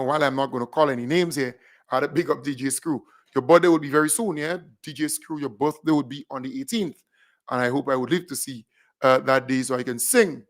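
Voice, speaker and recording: Animated Grenadian man giving radio shout-outs. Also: medium pitch. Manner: animated, repeats phrases, big up shout-outs. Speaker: radio host.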